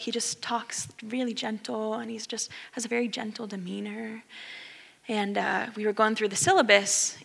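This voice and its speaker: A woman's voice: mid-range voice, vocal fry. Woman preaching in a reverberant hall. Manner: animated, conversational, acts out quoted voices. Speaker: speaker giving a talk. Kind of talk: sermon storytelling.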